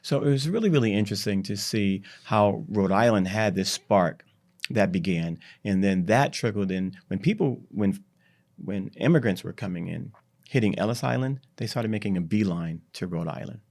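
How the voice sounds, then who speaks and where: A man guest on a podcast, telling a history story in an animated, drawn-out way. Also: on the low side, creaky. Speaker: startup CEO, podcast guest. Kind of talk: conversational storytelling.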